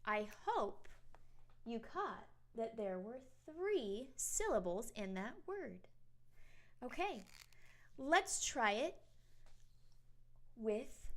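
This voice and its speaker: Lively high-voiced woman tutor. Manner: lively and encouraging, with drawn-out syllables. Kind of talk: teaching a lesson to a child.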